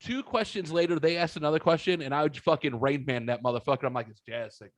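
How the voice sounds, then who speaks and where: A man's voice: a little high, fast, no echo. A man in his thirties hosting a podcast, telling a long story casually, swearing freely and acting out what people said. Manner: profane, animated storyteller acting out quotes. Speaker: podcast host.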